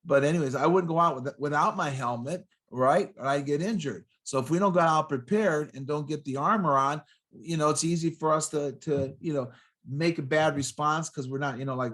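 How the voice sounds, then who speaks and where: Excitable older man, punchy motivational speaker. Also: a little high, brisk. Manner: excitable, punchy, rhyming catchphrases, jumps between stories. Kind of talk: energetic podcast interview.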